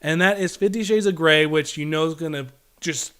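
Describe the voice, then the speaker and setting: Young man, movie vlogger, high voice, animated, blunt, casual chat. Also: moderate pace, clean tone. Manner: animated, blunt, swears freely. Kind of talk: casual movie review vlog.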